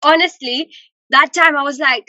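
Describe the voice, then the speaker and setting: A young woman, a university student being interviewed, talking in an expressive, dramatic way and laughing often. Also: high-pitched, normal speed, dry recording. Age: young adult. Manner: expressive and dramatic, laughs often, acts out her own thoughts. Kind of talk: casual interview chat.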